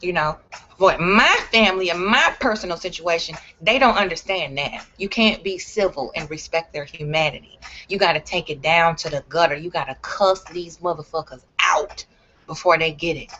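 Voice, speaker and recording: Bright-voiced woman ranting bluntly. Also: lowish voice, moderate pace, lo-fi sound, a little hiss or hum. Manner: blunt, profane, emphatic. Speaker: vlogger. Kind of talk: ranting vlog monologue.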